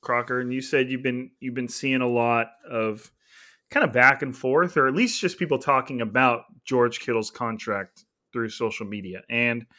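Male podcast host from California, relaxed and rambling, laughs easily, mid-range voice. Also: mid-range voice, normal speed. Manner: chatty, laughing, heavy on filler words. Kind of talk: casual sports podcast chat.

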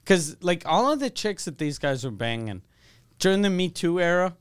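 A man's voice: high voice, very animated, smooth, dry recording, studio quality. A man co-hosting a podcast, riffing and joking crudely in casual chat. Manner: joking, profane, quick to riff. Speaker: podcast co-host.

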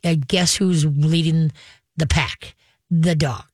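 Call-in radio host and dog trainer, mid-pitched, chatty, methodical, dry booth sound. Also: steady tone, slow, darkish tone, no room sound. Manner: chatty, step-by-step instructions, acts out dog and owner voices.

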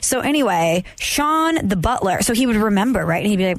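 A young American woman co-hosting a casual podcast, telling a story in an animated way and slipping into the voices of the people she quotes. Her pitch sits in the middle, and the sound is dry and close with no room echo. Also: fast talker, hardly any pauses. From United States. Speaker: podcast co-host. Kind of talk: casual chat.

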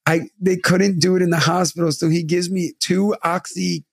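A young man co-hosting a podcast, telling a story in casual chat, animated and swearing freely. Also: sits high, brisk, vocal fry, no echo, studio quality. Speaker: podcast co-host. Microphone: studio mic close up.

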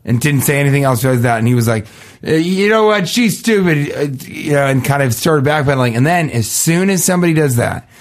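A man co-hosting a podcast, telling casual comic stories and acting out the people in them with sudden jumps in pitch. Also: quick pace, hardly any pauses. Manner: acts out quoted voices, jumping pitch. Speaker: podcast co-host. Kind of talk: casual comedic storytelling.

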